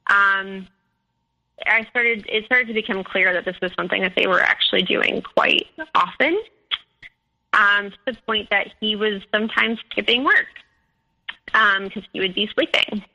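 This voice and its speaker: A young woman telling her own story as a guest, halting, with many fillers and restarts. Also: medium pitch, sharp tone, poor audio. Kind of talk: personal storytelling.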